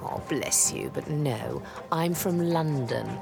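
A cool, dismissive chief of a secret agency in an audio drama, breezy and dry. Her voice sits very low for a woman but swoops widely. Loud music plays beneath her. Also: expressive, takes it slowly, vocal fry, exaggerated voice. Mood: brisk. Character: brisk confident woman heading a secret agency.

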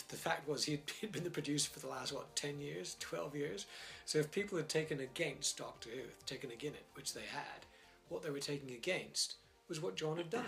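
A man answers an interview question in a measured, reflective way, with the odd wry laugh. His voice is fairly high and gravelly. Faint music sits behind him. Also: fairly bright tone.

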